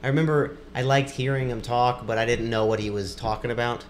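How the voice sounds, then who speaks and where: A man's voice: mid-range voice, fairly even intonation, a little fast, a little hiss or hum. A man co-hosting a podcast in loose, rambling casual chat, laughing easily. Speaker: podcast co-host.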